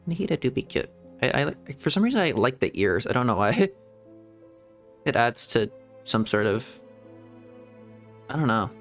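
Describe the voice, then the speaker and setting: A man's voice: mid-range voice, animated, normal speed, pauses often, fairly bright tone, soft background music. A man streaming a game as a VTuber, chatting casually in a playful, rambling way. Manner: playful, rambling, laughs often. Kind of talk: casual live game commentary.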